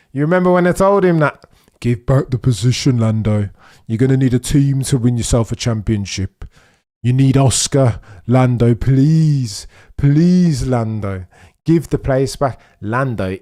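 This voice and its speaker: A man streaming a live race watch-along, commenting excitedly and pleading with the drivers, dropping to low mutters and jumping to high, urgent bursts.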